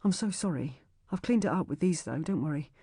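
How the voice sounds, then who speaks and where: A woman's voice: deep voice, animated, a little fast, mellow, slightly rough, no room sound, clean studio sound, exaggerated voice. A woman reading the lines of a nervous, polite young handyman who keeps apologizing. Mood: apologetic.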